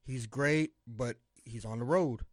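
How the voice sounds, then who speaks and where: A man chatting casually about football as a podcast co-host, excitable and profane, often repeating words as he talks. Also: mid-range voice, unhurried, dry recording, clean studio sound. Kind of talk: casual sports chat.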